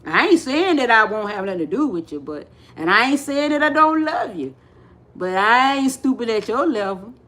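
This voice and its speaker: High-voiced animated woman on livestream. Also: normal speed. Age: middle-aged. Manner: animated, repeats phrases, acts out quoted voices. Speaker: spiritual livestream host. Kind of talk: casual livestream talk.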